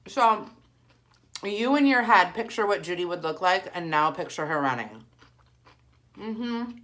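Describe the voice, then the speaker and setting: A woman, telling a story in a chatty, animated vlog style. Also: on the low side. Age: 40s. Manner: animated, chatty, heavy use of "like". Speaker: vlogger. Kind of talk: casual storytelling while eating.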